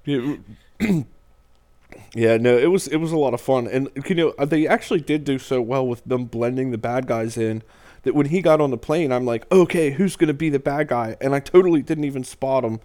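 A man's voice: mid-range voice, moderate pace, warm tone. A man hosting a casual podcast chat, laughing often as he retells movie scenes. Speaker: podcast host.

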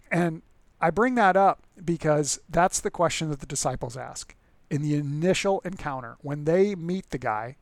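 A man's voice: a little high, animated, moderate pace, no room sound. A man preaching as a pastor in a casual, conversational way, often restarting words and acting out the people in the story. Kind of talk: conversational sermon.

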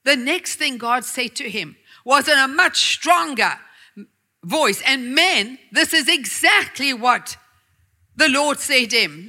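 A woman preaching a sermon, telling a story with emphatic repetition and sometimes dropping to a hushed voice. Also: high-pitched, animated, slow pace.

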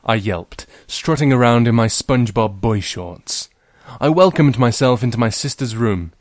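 A man at a mid pitch, reading a short story aloud as a librarian host. His delivery is wry and gently humorous, recorded dry and close with no room sound. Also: animated, normal speed, no room sound.

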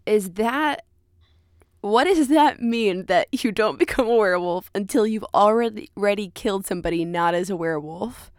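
Woman, podcast co-host, casual chat, sarcastic, rambling, smooth clear voice, dry sound. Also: mid-range voice, moderate pace, no room sound. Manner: sarcastic, rambling, jokey asides.

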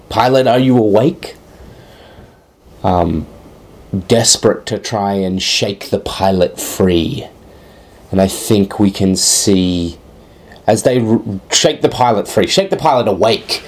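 Man, low-pitched and unhurried, improvising a tabletop game scene, halting and full of fillers. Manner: hesitant, thinking aloud with many fillers.

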